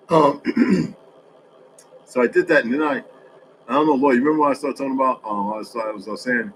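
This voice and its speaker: A man's voice: mid-range voice, sharp tone, a little hiss or hum, low-quality recording. A man in a casual, rambling monologue for social media, telling streetwise stories with lots of cursing. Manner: profane, rambling, streetwise storytelling.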